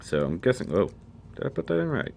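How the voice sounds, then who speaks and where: A man's voice: medium pitch, very animated, fast talker, gravelly, darkish tone, a little hiss or hum. A man giving a casual model kit review, chatty and thinking aloud as he handles the pieces.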